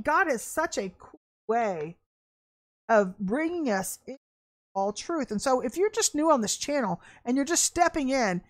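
A woman ministry leader preaching an online sermon, fervent and emphatic, with blunt, folksy talk and bursts of excitement. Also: fairly high pitch.

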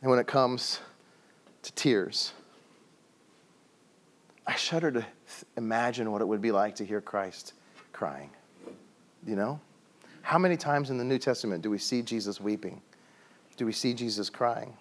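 A middle-aged man preaching a sermon, telling stories and dropping his voice low for emphasis. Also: moderate pace, pauses often. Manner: storytelling with acted quotes and sudden quiet drops. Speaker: pastor.

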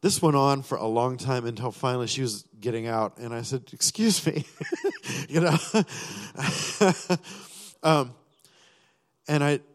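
A church speaker gives his testimony in a sermon, and the hall's long reverb trails after his words. He speaks slowly in a mid-range voice, pausing often, rambling with fillers and restarts as he acts out his thoughts and prayers.

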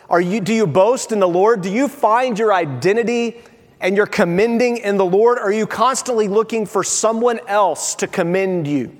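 A man's voice: sits high, big-room sound. A man preaching a sermon as a pastor, in a conversational, self-deprecating way, acting out quotes.

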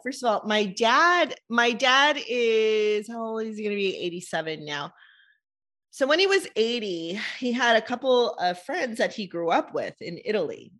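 A woman hosting a podcast, telling stories in an animated, casual way with frequent fillers and laughter. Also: mid-range voice. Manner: animated storyteller, laughs often, many fillers. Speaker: podcast host. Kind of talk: casual chat.

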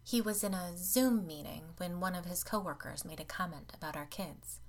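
A woman voicing a nervous, anxious housewife in a storybook reading, speaking in a hushed, uneasy way. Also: on the low side, moderate pace, a little hiss or hum, lightly acted.

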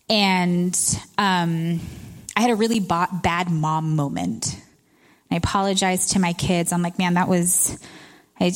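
Candid woman preaching at a retreat. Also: lowish voice. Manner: candid, conversational, laughs at herself. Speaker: retreat speaker. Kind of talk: sermon.

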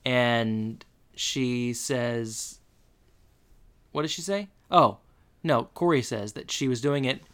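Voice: mid-range voice, slow pace, long pauses, fairly bright tone. A podcast co-host recapping a TV episode in casual chat, with dry conversational asides.

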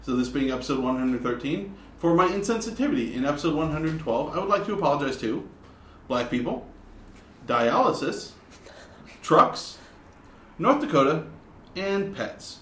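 A man hosting a comedy podcast, joking in a dry, deadpan way while running through promos. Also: fairly high pitch. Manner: jokey, deadpan, reads promos briskly. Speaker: podcast host. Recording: roomy with faint hiss.

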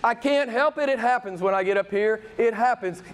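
A man's voice: high-pitched, fairly quick. A man preaching a sermon in a church, impassioned and emphatic, repeating his phrases. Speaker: pastor.

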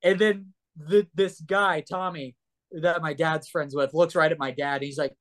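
A man who is a guest on a casual chat show, telling stories in a rambling, animated way with swearing and restarts. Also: on the high side, unhurried.

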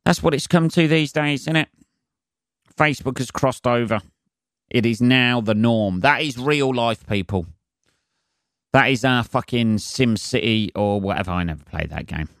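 A man's voice: mid-range voice, normal speed, fairly bright tone, no room sound, clean studio sound. Sweary sarcastic man ranting solo. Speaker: podcast host. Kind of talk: solo comedic rant.

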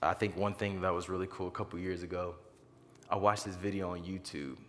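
A man preaching a sermon as pastor, animated and leaping to high excited pitch for emphasis. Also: a little fast. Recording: long reverb of a large hall.

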